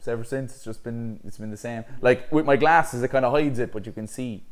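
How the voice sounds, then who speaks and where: Animated storyteller with a Cork accent. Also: male voice, medium pitch, brisk. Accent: Cork Irish. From Cork, Ireland. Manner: animated storyteller, swears freely, laughs through his lines. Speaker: podcast guest. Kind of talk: casual interview storytelling.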